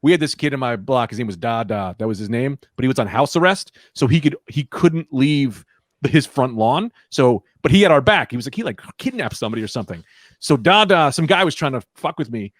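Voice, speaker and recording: A man on a casual comedy podcast, telling rambling, animated stories from his childhood. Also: medium pitch, a little fast, dry recording, studio quality. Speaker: comedian guest.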